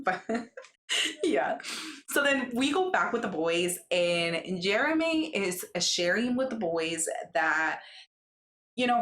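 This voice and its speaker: A woman giving a casual, gossipy show recap, chatty and acting out what people said in lively voices. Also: on the low side, reverberant. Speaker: recap vlogger.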